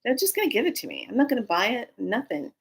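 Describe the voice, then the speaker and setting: Expressive woman telling a story. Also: fairly high pitch, fast talker, creaky, slightly rough. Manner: expressive, acts out dialogue. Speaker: spiritual speaker. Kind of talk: personal storytelling.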